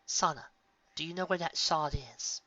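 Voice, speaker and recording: A decisive young woman warrior with a firm, matter-of-fact manner, as a male reader puts her on. Pitched above his own voice, bright and crisp, on a dull lo-fi recording. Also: fairly even intonation, moderate pace, no room sound.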